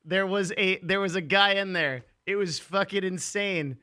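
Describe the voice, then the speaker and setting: A man's voice: high voice, unhurried, sharp tone, clear, resonant tone, dry recording, studio quality. A man chatting casually on a live stream, blunt and profane, rambling with lots of "like" and restarts. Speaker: livestreamer answering chat.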